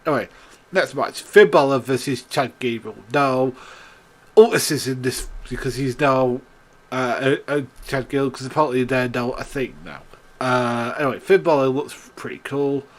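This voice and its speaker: A man's voice: medium pitch, moderate pace. Young man, loose rambling recap voice, salty and giggly, stumbles through fillers. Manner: laughs often, swears, many restarts and fillers. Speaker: wrestling show reviewer.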